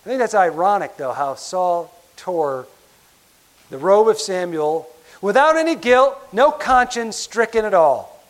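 A man preaching a sermon, emphatic, slowing down on key words and asking rhetorical questions. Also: sits high, lively intonation. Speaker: pastor.

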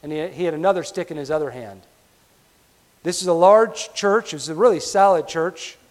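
Brief: male pastor, fairly high voice, emphatic sermon with quiet drops, recorded in a hall with a long reverb. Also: moderate pace. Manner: emphatic, often drops to a quiet, low delivery.

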